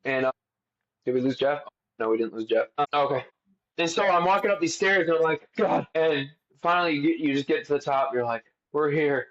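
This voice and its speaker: A young man co-hosting a podcast, telling stories in a casual, animated way and swearing freely. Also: on the high side, brisk. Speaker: podcast co-host. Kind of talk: casual chat. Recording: dull lo-fi sound.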